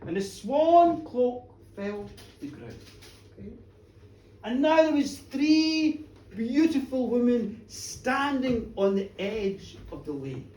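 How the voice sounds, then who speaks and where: A woman's voice: a little high, a little hiss or hum. Woman telling a tale in a bar. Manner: dramatic, swings from hushed to shouting. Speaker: storyteller. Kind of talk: live folk tale telling. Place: bar, live performance before an audience. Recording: roomy, distant live bar recording.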